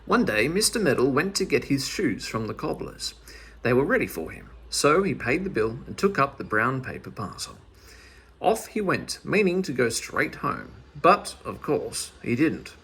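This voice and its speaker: A man reading a children's story aloud in a lively, expressive manner. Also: mid-range voice, moderate pace, breathy edge.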